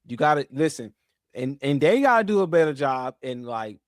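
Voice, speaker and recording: A man hosting a commentary show, talking in a slangy, animated way, swinging between low mutters and loud outbursts and repeating himself. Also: normal speed, no room sound, clean studio sound. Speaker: host. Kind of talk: casual commentary.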